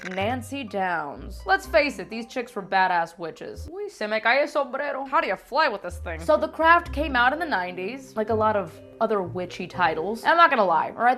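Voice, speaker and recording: A young woman vlogging a comedic countdown, playful and animated, tossing in Spanish words. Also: mid-range voice. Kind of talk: casual comedic countdown vlog. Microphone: lapel mic.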